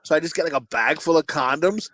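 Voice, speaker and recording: A middle-aged man co-hosting a podcast speaks fast in a somewhat high, slightly bright voice, with no echo. His talk is crude, casual banter as he rambles through profane anecdotes with laughing asides.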